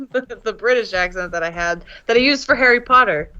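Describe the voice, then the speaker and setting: A woman's voice: a little high, expressive, normal speed, pushed and bright. A woman co-hosting a casual podcast, jokey and giggly, laughing often. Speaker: podcast co-host. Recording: muffled lo-fi mic with faint noise.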